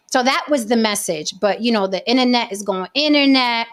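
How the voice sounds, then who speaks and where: A young woman hosts a casual debate stream in a voice sitting a little high for a woman. She talks bluntly and confrontationally, holding her ground. Her delivery is direct and unapologetic. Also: brisk, few pauses. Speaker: host.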